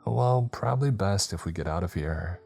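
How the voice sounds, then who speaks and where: A man voicing a kind young woman in a spooky audio story, speaking with gentle, hesitant concern. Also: low voice, expressive, normal speed, creaky, faint music behind, voice pushed up, heavily acted. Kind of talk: storytelling voice for a character.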